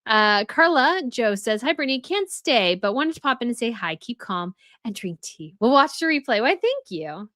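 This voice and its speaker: A woman's voice: on the high side, animated, moderate pace, few pauses, sharp tone, no echo, clean studio sound. Chatty woman hosting a live stream. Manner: chatty, thinks aloud with many "like" fillers. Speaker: host reading live chat. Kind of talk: casual live-stream chat.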